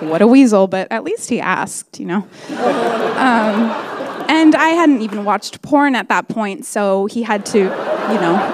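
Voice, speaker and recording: A woman's voice: on the high side, very noisy. Candid woman in her thirties doing stand-up. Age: 30s. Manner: candid, deadpan storytelling with quick voiced asides. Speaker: stand-up comedian. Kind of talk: stand-up comedy set.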